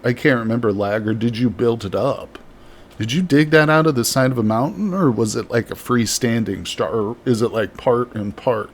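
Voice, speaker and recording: A man's voice: lowish voice, a little hiss or hum. A man doing live gameplay commentary and chatting with viewers in a jokey, rambling way, from a home streaming setup with the microphone very close to his mouth. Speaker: livestreamer.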